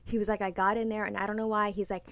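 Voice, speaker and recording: A woman's voice: medium pitch, flat delivery, rapid-fire, fairly bright tone, no echo. Blunt, profane woman in a dry room. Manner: blunt and profane, breaks into hard laughter. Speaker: podcast co-host. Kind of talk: casual storytelling chat.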